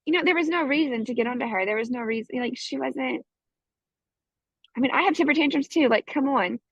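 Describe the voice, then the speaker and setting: Husky higher-voiced woman telling a story. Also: fairly quick, no echo. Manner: lively storyteller who acts out her child's and her own lines. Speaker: guest, course student. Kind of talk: casual storytelling in an interview. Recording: dull, dry close recording.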